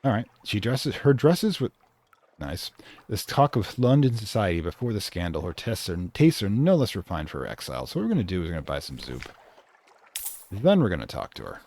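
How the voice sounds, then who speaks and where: A man's voice: on the low side, sing-song, brisk, a little mellow. A man hosting a let's play, casually thinking aloud and reading game text.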